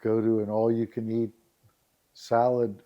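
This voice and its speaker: A man who founded a dating site, talking as a podcast guest, chuckling often and telling stories with lively quoted voices. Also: on the low side, a little slow, muffled recording. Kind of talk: casual interview storytelling.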